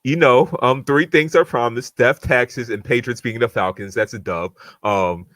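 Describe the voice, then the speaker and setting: A man co-hosting a podcast in casual sports chat, quickly grading games one after another in a lively way. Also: medium pitch, dry recording. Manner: animated, grading each game in a quick list. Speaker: podcast co-host.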